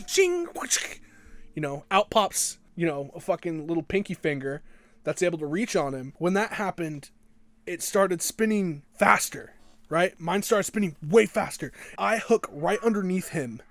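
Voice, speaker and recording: Profane, mock-epic young man with a storytime vlog. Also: fairly high pitch. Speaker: vlogger. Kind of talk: comedic storytime monologue.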